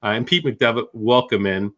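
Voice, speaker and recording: A man's voice: medium pitch, moderate pace, sharp tone. A man with a Boston accent hosting a casual live-stream chat, joking and rambling with frequent restarts. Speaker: host.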